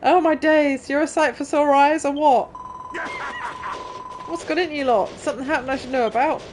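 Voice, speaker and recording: Brief: bubbly game character, read aloud by a woman streamer, raised pitch, exclamatory. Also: steady tone, moderate pace, noisy background, lightly acted. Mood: exuberant.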